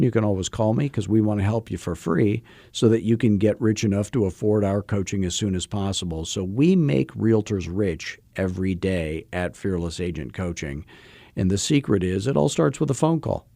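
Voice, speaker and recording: A man's voice: fairly low pitch, vocal fry, warm tone, no room sound. A man coaching real estate agents on a podcast, chatting through stories with frequent repeats and restarts. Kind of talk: podcast monologue with anecdotes.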